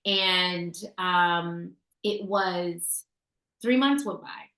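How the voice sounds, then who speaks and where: A lowish, bright, forceful voice moves very slowly as a woman co-hosts a casual talk show. She shares essential oil tips through a chatty story with fillers and restarts, and the audio has a roomy echo.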